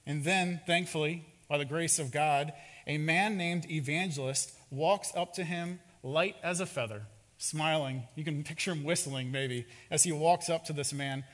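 A man who is a pastor, preaching a sermon with expressive, dramatic storytelling in a church sanctuary. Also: on the high side, moderate pace. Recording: reverberant hall.

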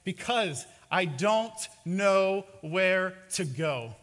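A man's voice: a little high, lively intonation, takes it slowly, a bit bright, heavily acted. A man voicing a frightened, burdened male pilgrim who pleads in anguish during a sermon story. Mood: helpless. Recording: reverberant hall.

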